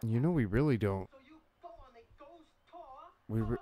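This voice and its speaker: A man with a lowish voice riffs through a horror film in loose, casual commentary. He swears freely and mocks the characters, often slipping into jokey voices mid-sentence. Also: lively intonation, slow pace, warm tone. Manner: profane, mocking, jumps into joking character voices. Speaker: co-host of a horror movie commentary. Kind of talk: casual crude movie commentary.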